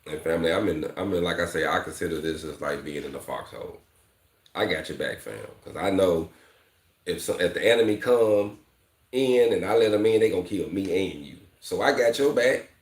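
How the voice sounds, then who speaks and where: A man's voice: low-pitched, expressive, brisk, reverberant. A man teaching welding, talking candidly to his viewers in a casual vlog, often calling them "fam" and "you know". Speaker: welding instructor.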